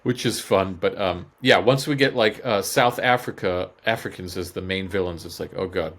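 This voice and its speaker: A male voice actor chatting casually as a podcast guest, animated and quick to joke. His voice sits a little low. He talks in loose, conversational bursts. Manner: animated, jokey, slips into impressions.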